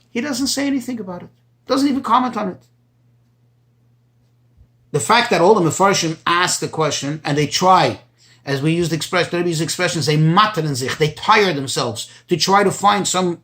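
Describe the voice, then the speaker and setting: A man teaching a Torah text as a rabbi, explaining slowly and translating Hebrew phrases into as he goes. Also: high-pitched, fairly bright tone. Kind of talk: Torah study tutorial.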